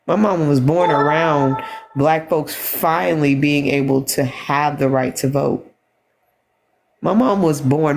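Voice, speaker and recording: A tired woman talking on a phone livestream, halting and repeating herself as she speaks with emotion. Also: low voice, gravelly, a little mellow. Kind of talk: emotional casual livestream talk.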